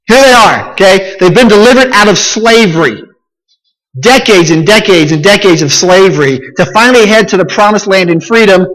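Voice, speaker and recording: A man with a high-pitched voice preaches a sermon, retelling the story in plain, animated words and leaning on repeated phrases. His voice carries a long reverb, as from a large church hall. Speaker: pastor.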